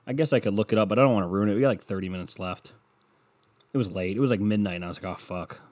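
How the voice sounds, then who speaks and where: This young man's fairly low, darkish voice comes out rapid-fire as he hosts his podcast by himself on a podcast mic. He rambles through a casual rant packed with swearing and sarcasm.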